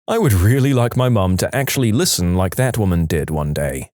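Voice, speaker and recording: A man narrating reader-submitted stories in an animated storytelling manner. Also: low voice, a little fast, no echo, clean studio sound. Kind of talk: scripted narration.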